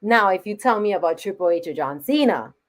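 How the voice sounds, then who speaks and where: A woman's voice: mid-range voice, animated, a little fast. A woman being interviewed as a guest, talking casually and eagerly, laughing often and filling with "like". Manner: enthusiastic, laughs often, fills with "like". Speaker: interview guest, wrestling fan.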